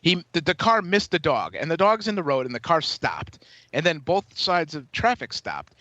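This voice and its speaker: A tipsy man rants through a profane story on a podcast, his high voice swinging all over the place. His tone is bright and sharp. The sound is dry and a little dull, like a lo-fi home recording. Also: big pitch swings, normal speed, no room sound. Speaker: podcast co-host. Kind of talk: casual chat.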